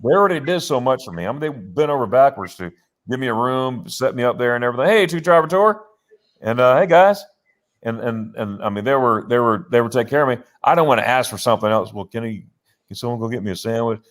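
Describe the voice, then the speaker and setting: A man's voice: medium pitch, fast. A man hosting a casual live show, telling a long rambling story with many restarts from his home office on a laptop. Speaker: host.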